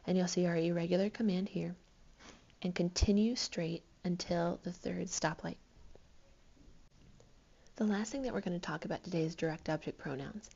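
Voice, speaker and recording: A woman's voice: lowish voice, fairly even intonation, normal speed, pauses often, mellow, lo-fi sound. A woman teaching a recorded Spanish lesson to her students, patient and explanatory, counting syllables aloud.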